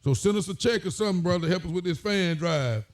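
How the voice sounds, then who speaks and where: A man's voice: high voice, fast talker. A man, a sheriff hosting a casual talk show, greeting viewers by name in a folksy way.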